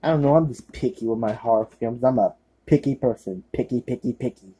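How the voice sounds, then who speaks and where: A man's voice: mid-range voice, brisk, dark tone, breathy edge, poor audio. A man casually recommending horror films in a vlog, rambling with many fillers and restarts in an offhand, laid-back way. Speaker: horror movie reviewer.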